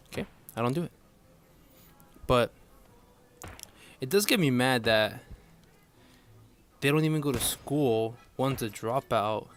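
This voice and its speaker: A man's voice: mid-range voice, a bit bright. A young man on a profane rambling rant. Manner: rambling, frequent swearing, frustrated. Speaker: vlogger.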